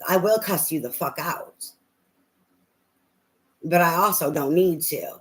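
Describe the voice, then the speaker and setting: A woman's voice: sits low, slow pace, rough recording. A woman tarot reader on a live reading, talking bluntly and profanely in a rambling, ranting way with many fillers.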